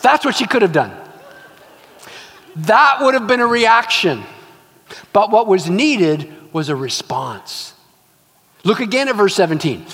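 A man's voice: sits high, a little slow. A male pastor preaching a sermon, telling stories and acting out scenes with emphatic repetition. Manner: animated storytelling, acts out scenes, emphatic repetition. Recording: long reverb of a large hall.

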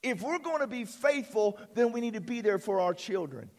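A pastor preaches a church sermon in a voice fairly high for a man, with a darkish tone, lively intonation, and moderate pace. He builds momentum with repeated lines and calls out "amen?" to draw responses from the congregation.

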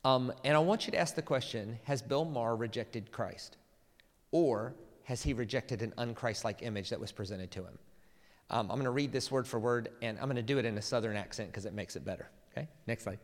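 A man preaching a sermon, animated and emphatic, often stumbling over and repeating words. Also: medium pitch, brisk. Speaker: pastor. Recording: long hall reverb.

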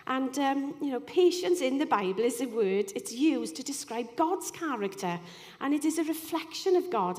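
A woman's voice: fairly high pitch, a little mellow. Woman preaching in a reverberant hall. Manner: earnest, conversational, with frequent "you know" asides. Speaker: speaker giving a devotional talk. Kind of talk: sermon.

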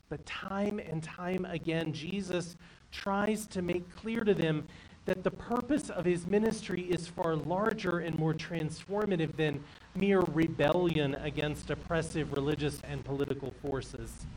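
Preaching man, somewhat high voice, distant. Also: a little hiss or hum. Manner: earnest storytelling preaching. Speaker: pastor. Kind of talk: sermon.

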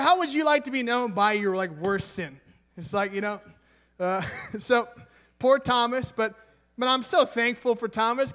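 Man, young adult, high-pitched, enthusiastic conversational sermon. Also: fairly bright tone. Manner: enthusiastic, conversational preaching with laughs and asides. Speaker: pastor.

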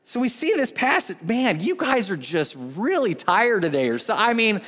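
A man's voice: high-pitched, big pitch swings, fairly quick, hardly any pauses, fairly bright tone. A man in his thirties preaching a sermon as a pastor, conversational and joking, often breaking off mid-sentence. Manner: conversational, joking, self-interrupting. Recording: long hall reverb.

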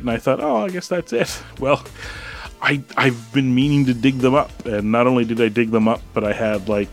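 A man co-hosting a podcast in casual chat, rambling with restarts and laughs. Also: mid-range voice. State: hiccups, drinking beer. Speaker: podcast co-host.

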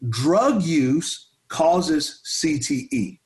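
A man's voice: a little high, expressive, very slow, a little mellow. A man in his forties, a pastor and former football player, telling stories in a casual interview with energy, repeating words and stuttering a little. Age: 40s.

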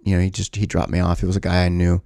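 A man quoting a quiet, withdrawn young woman. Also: low voice, monotone, racing, creaky, dry recording, clean studio sound, voice pushed down. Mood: subdued.

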